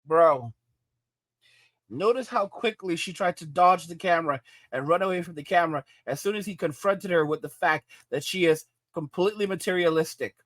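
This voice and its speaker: A man's voice: a little high, moderate pace, a bit bright, no echo. A man from New York giving emphatic reaction commentary, often checking in with his listeners. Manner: emphatic, repeats "all right?".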